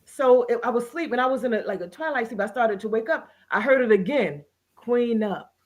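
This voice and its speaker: A woman's voice: fairly high pitch, lively intonation, fast talker. A woman guest in an interview, telling a personal story earnestly and with feeling, often restarting her sentences. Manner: earnest, emotional testimony with many restarts. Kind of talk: casual interview conversation.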